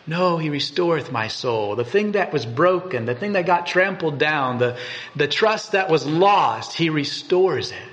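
Guy preaching a short devotional, earnest, kinda high voice that swings up and down a lot. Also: animated, unhurried, a bit bright. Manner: earnest, repeats and restarts words, rises in pitch for emphasis. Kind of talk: devotional sermon with scripture reading.

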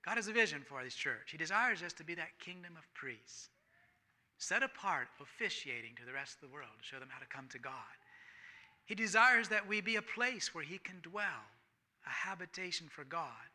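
A man preaching with a high, very bright and piercing voice. He swings from loud, emphatic passages down to hushed near-whispers. Scripture readings climb in fervor. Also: lively intonation, moderate pace. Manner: reads scripture aloud with rising fervor. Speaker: pastor. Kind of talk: sermon.

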